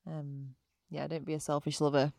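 A woman guest on a podcast, chatting candidly and giggling, with lots of drawn-out filler words. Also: low voice, level tone, gravelly, mellow, no room sound, studio quality. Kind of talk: casual chat.

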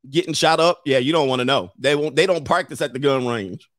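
A middle-aged man hosts a livestream and tells stories in a loose, casual way, often laughing at his own lines. His voice sits fairly high for a man. The sound is dry, with no room echo. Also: fairly quick. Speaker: livestream host.

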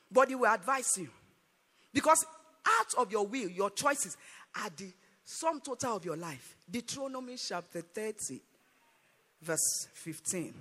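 High, lively preacher man. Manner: emphatic, sing-song preaching cadence. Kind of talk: sermon. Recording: echoey hall reverb.

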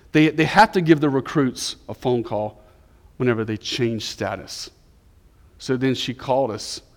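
A man in his forties preaching a sermon as pastor, moving between loud emphatic lines and hushed, near-whispered prayer. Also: medium pitch, in a large hall. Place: church sanctuary.

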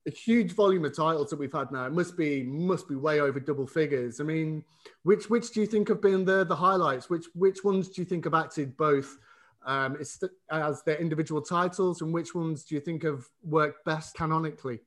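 A man's voice: fairly high pitch, normal speed, a bit bright. A man from Britain hosting a casual podcast chat about comics, laughing often and playing with silly voices. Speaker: podcast host.

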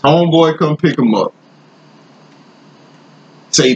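Animated man telling a story. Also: fairly high pitch, slow, pauses often, lo-fi sound. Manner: animated, slangy, laughing storyteller. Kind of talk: casual storytelling.

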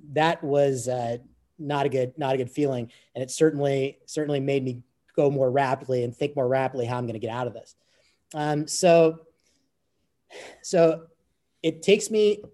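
This interview guest has a higher, slightly mellow male voice. He earnestly shares a personal story in a conversational way, circling back to repeat phrases along the way.

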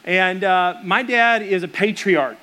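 A man's voice: sits high, unhurried, sharp tone. A middle-aged man preaching a sermon as pastor, telling stories in a casual way with many fillers.

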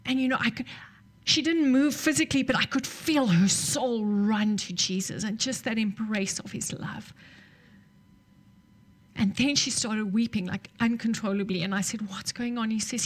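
Woman preaching, soft storytelling sermon. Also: fairly high pitch, moderate pace. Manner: storytelling, drops to soft near-whispers in tender moments.

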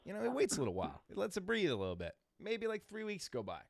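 A man's voice: sits high, huge pitch swings, gravelly, no room sound. Man telling rambling stories, dry sound. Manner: rambling anecdotal storyteller, halting restarts. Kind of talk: casual chat.

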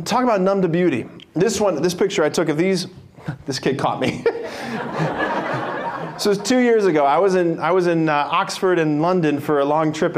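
A young man giving an informal spiritual talk to a parish group, chatty, restarting sentences and laughing often. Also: on the high side. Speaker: speaker at a parish faith program.

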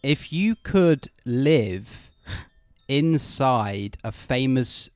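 A young man from Wales co-hosting a casual podcast chat, joking and relaxed and swearing freely. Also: medium pitch, extremely slow, clear, resonant tone, no echo, clean studio sound. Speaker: podcast co-host.

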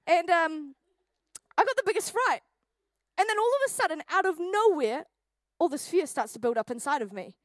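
Young nz woman pastor, high voice, jokey and dramatic, dry close sound. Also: moderate pace, long pauses, no room sound. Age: 20s. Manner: animated, jokey storyteller acting out scenes. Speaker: youth pastor. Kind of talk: sermon with personal story. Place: church hall.

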